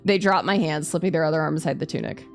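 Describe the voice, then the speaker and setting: This VTuber's voice is low and creaky, moving at a quick pace with faint music behind it. She reads a story game's text aloud on stream, interrupting herself with playful asides and laughter.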